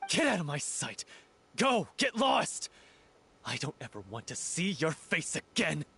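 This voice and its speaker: A man's voice: on the high side, very animated, a little slow, vocal fry, pushed and bright, slightly rough, heavily acted. A man voicing a grieving, hot-tempered young troupe actor in a game cutscene, hurling accusations. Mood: furious.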